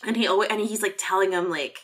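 A woman co-hosting a podcast, chatting casually about a horror film, animated and swearing freely, acting out lines from scenes. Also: mid-range voice, fast talker. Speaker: podcast co-host.

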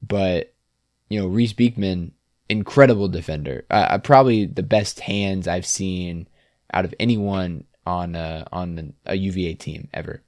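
Deep-voiced man on a sports podcast. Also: measured pace, no echo, studio quality. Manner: relaxed, laughs often, trailing off. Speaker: podcast co-host. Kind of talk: casual sports podcast chat.

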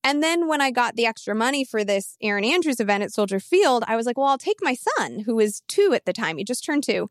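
Woman in her thirties, fantasy football podcast, animated and emphatic, slightly high voice, dry close sound. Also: no room sound. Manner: animated, emphatic, quick asides. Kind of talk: casual podcast storytelling and pitch.

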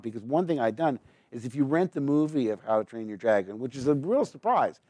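An American man, a voice actor being interviewed, telling stories casually in a rambling, quick way full of restarts. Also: mid-range voice, lively intonation, dark tone, no room sound.

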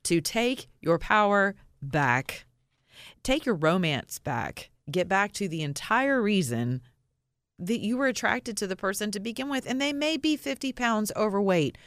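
A woman's voice: medium pitch, big pitch swings, a little slow, no room sound, clean studio sound. A woman co-hosting a radio talk show, bold and joking as she chats on air. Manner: bold, joking, laughs often. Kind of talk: casual on-air chat.

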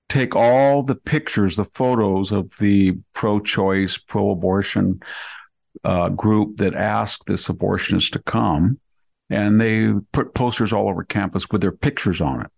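An older man with a gravelly voice on the low side hosts a podcast. In conversational commentary he works through long hypotheticals, acting out the people he quotes.

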